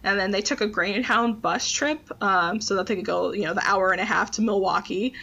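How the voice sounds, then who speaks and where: A woman's voice: medium pitch, a little fast, creaky, pushed and bright, lo-fi sound. A woman co-hosting a casual true-crime chat, reading case notes with fillers and the odd laugh. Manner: laughs between points, fillers like um. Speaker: podcast co-host.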